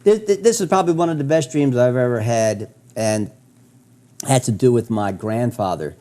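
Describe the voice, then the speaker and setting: A man's voice: medium pitch, normal speed, warm tone. A man in a radio interview, telling a personal story with enthusiastic, stammering restarts. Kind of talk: storytelling in conversation.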